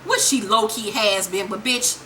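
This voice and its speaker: A woman giving a casual, profane, animated recap of a TV episode. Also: medium pitch, normal speed, slight background noise. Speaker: TV recap vlogger.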